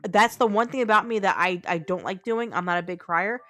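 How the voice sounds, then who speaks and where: A woman's voice: medium pitch, fairly quick, fairly bright tone. A woman streaming a game live, talking blunt and unfiltered to her chat and swearing freely.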